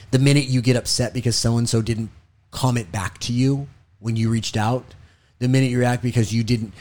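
A man who once negotiated hostage situations now gives motivational talks, speaking emphatically and repeating points. His voice climbs during stories and sinks low and quiet when he reaches key lessons.

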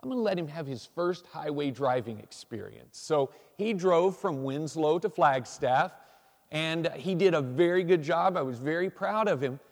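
A pastor in his forties gives a relaxed, homey sermon, joking about himself and often restarting his sentences. His voice sits fairly high for a man. The sound rings with the long reverb of a church sanctuary. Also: normal speed. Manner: folksy, self-deprecating, frequent restarts. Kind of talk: casual sermon.

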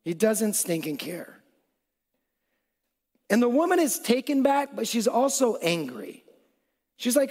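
A man with a high voice preaches in a loose, conversational way, acting out lines from the story. His voice rings with the long reverb of a large hall. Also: moderate pace. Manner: conversational, animated, acts out quotes. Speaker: pastor. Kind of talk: sermon.

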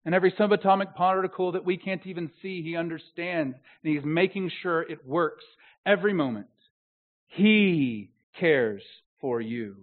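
A man's voice: sits high, fairly even intonation, a little fast, hardly any pauses. Man preaching a sermon over a tinny line. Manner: swells to loud emphatic proclamation, drops to soft intimacy. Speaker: pastor. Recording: tinny phone-like sound.

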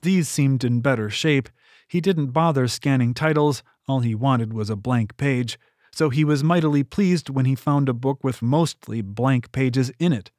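A man reading a novel aloud in steady, scripted audiobook narration on a close mic. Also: mid-range voice, a little slow, no room sound. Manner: steady storytelling delivery.

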